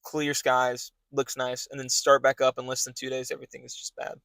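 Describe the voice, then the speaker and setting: This young podcast host talks briskly with vocal fry, his mid-range voice a bit bright and entirely flat in delivery, with no room sound. His casual chat wanders, heavy on fillers and restarts.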